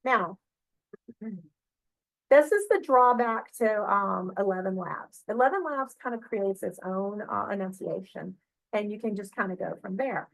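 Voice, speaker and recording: A middle-aged woman librarian walks through software on a shared screen, chatty and full of fillers and check-ins. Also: mid-range voice, animated, a little slow, vocal fry, no echo, low-quality recording. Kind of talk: screen-share tutorial walkthrough.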